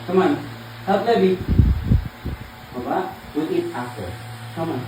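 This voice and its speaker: Gentle but firm mother, echoey room. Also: sits low, animated, unhurried. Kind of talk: home vlog talking to her child. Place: living room at home. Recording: echoey room, far from mic, background noise.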